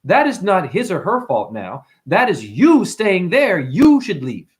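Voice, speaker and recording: A man ranting profanely to his livestream chat, often mimicking customers in high voices. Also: huge pitch swings, a little slow. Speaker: livestream host. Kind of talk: rambling livestream rant.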